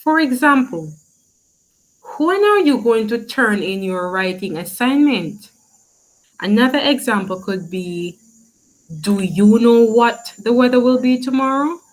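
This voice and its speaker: A woman teaches a class at an unhurried pace, pausing to ask questions and cheer answers on. Her tone stays encouraging throughout. Faint insect chirps sound behind her voice. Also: on the high side, lively intonation, poor audio. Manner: slow, encouraging, asks questions and praises. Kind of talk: classroom lesson.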